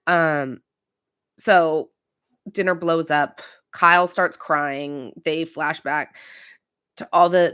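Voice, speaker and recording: A woman's voice: low voice, fairly bright tone. A woman in her thirties casually recapping a reality show as podcast host, chatty and opinionated with many fillers.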